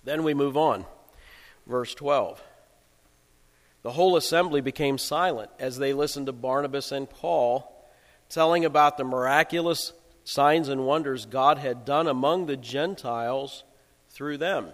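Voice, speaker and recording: A male pastor giving a sermon in a relaxed, conversational storytelling way. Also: mid-range voice, a little slow, long reverb tail.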